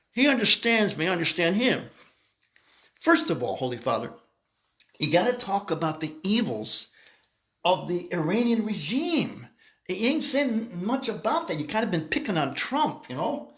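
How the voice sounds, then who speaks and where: A man's voice: high-pitched, fairly bright tone. A man doing a brash Chicago South Side guy. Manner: blunt slangy talk with lots of "you know". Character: brash street-talking adult male Chicago South Sider. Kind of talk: comic character monologue.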